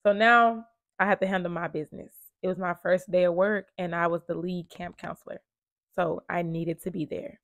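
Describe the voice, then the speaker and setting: A woman in her thirties tells her personal story straight to camera, earnest and conversational. Her voice sits low and carries a gravelly fry, and the recording is close and dry with no room sound. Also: fairly even intonation, normal speed, no echo. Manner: earnest, conversational, shifting from hushed to emphatic. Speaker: vlogger telling her survival story.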